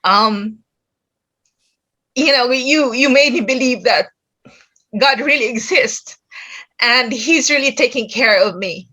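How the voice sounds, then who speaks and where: A woman calling in who is teary and emotional, speaking haltingly with many "um"s. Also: on the high side, bright, forceful tone, rough recording. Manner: halting, full of "um". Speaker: caller.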